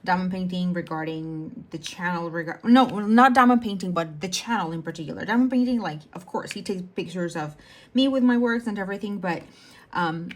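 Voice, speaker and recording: A woman's voice: fairly low pitch, fairly quick. A young adult woman chatting casually while she works on a diamond painting, rambling and correcting herself as she goes. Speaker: diamond painting channel host. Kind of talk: casual chat while crafting.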